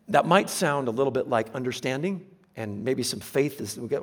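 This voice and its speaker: A man preaching a sermon, earnest and emphatic, slowing down to stress key phrases. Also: mid-range voice, animated.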